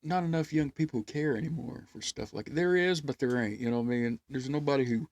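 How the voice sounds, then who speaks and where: A podcast guest in casual chat, reminiscing in a laid-back, plain-spoken way. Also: male voice, mid-range voice, quick pace, a little mellow, no echo.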